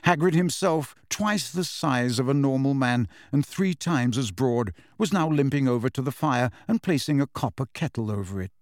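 A man's voice: medium pitch, moderate pace, few pauses, no room sound. Man narrating an audiobook, dry and close. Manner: steady storytelling, voices the characters. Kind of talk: scripted narration. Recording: dry close studio recording.

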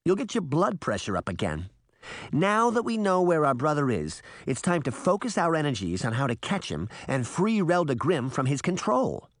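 A man voicing a sweet, breezy, gum-chewing woman on roller skates who coaxes and calms others. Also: low voice, normal speed, no echo, clean studio sound, voice pushed up. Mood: soothing. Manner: breezy and coaxing.

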